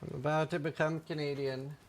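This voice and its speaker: Guy streaming, kinda higher voice, joking with chat, faint noise behind. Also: little pitch movement, brisk. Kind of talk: casual livestream chat.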